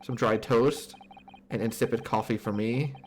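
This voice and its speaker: A man playing a gloomy eccentric male detective who speaks slowly and mournfully with theatrical despair. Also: mid-range voice, fairly even intonation, a little hiss or hum, natural voice.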